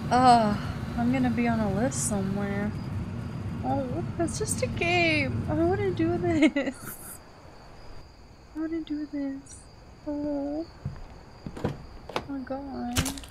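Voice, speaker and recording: A woman giving casual commentary on a horror game she is playing. She swings from quiet mutters to shrieks and laughs often. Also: high-pitched, slow pace, pauses often, background noise. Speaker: gaming channel host.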